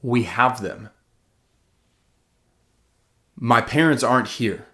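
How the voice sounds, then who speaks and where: Earnest low-voiced man giving a heartfelt talk. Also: unhurried, long pauses. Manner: earnest, self-questioning, swings from loud to hushed. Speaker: author and motivational speaker.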